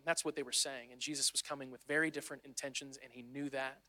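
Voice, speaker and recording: A man's voice: mid-range voice, steady tone, fast, bright, forceful tone. A man preaching a sermon in an earnest, conversational way, sometimes restarting his phrases. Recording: long hall reverb.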